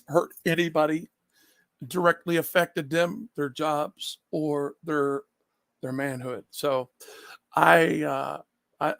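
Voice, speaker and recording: Blunt, confrontational male streamer; high, gravelly voice, swears freely. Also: fairly bright tone, no room sound. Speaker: livestreamer answering his chat. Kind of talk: casual livestream chat.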